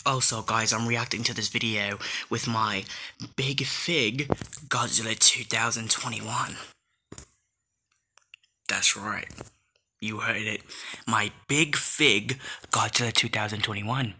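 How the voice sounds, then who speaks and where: A man hosting a casual video reaction, excitable and exclaiming at what he watches. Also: lowish voice, takes it slowly, long pauses, slight background noise. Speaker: YouTube reaction host.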